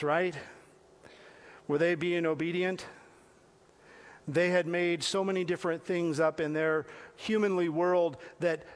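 A man giving a conversational sermon, talking directly to his listeners with questions and repeated phrases. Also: sits high. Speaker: preacher.

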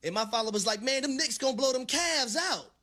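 A middle-aged man with a high, bright voice that swoops wildly up and down. He talks sports on the radio like a revival preacher, sing-song and shouting. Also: animated, brisk. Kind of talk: animated sports radio banter.

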